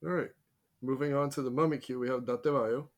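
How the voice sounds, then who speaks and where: A man's voice: medium pitch, steady tone, fast. A man co-hosting a podcast in a casual group chat, easygoing and joking. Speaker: podcast co-host.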